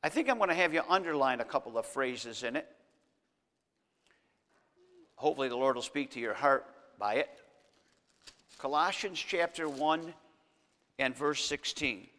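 Bright-voiced pastor preaching in reverberant hall. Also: male voice, medium pitch, animated. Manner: emphatic preaching, slows to stress scripture. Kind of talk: sermon.

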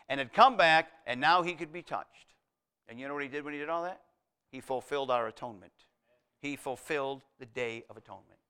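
A man preaching a sermon, asking the congregation rhetorical questions and swinging between loud emphatic peaks and hushed low passages. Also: clean tone.

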